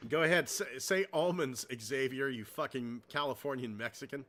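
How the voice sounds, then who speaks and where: Bright-voiced, crude-joking man hosting a podcast. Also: medium pitch, moderate pace. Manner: crude, joking, self-deprecating. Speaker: podcast host. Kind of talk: casual podcast banter. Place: home room at a computer.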